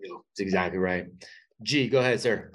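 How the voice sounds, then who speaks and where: A man's voice: on the low side, moderate pace, fairly bright tone. A man hosting a casual conversation, speaking in an encouraging, affirming way. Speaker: host.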